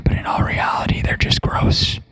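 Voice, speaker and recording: Brief: man doing a whispered role-play of a gentle TV painter, breathy hush, rambling and gloomy. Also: normal speed, natural voice. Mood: musing. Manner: hushed breathy whisper, drifting into odd tangents. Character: soft-spoken male TV painter, rambling and gloomy.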